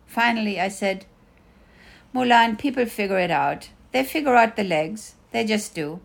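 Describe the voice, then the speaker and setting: A woman's voice: mid-range voice, moderate pace, vocal fry. A middle-aged woman reading her own first-person memoir with dry, wry storytelling. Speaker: mother narrating a personal story.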